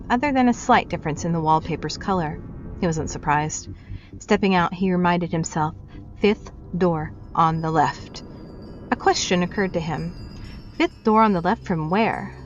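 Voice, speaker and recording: A woman reading short fiction aloud in steady, measured narration. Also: fairly low pitch. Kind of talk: storybook reading. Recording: dull lo-fi with faint music.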